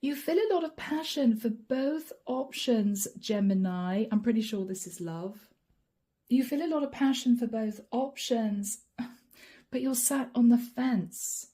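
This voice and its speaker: 温暖柔和、爱笑的塔罗女占卜师. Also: female voice, fairly high pitch, unhurried, dark tone. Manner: chatty, laughs often, voices the listener's inner thoughts. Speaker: tarot reader. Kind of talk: channeled tarot reading to camera.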